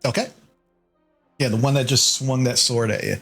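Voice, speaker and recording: A man's voice: mid-range voice, fairly even intonation, normal speed, vocal fry, a bit bright, husky, soft background music. A man narrating as game master in a casual tabletop game, describing the action loosely with many fillers.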